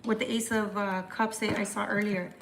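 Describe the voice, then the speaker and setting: A woman doing a live tarot forecast, talking fast and chatty, often restarting mid-phrase. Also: medium pitch, flat delivery, creaky, background noise. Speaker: tarot reader.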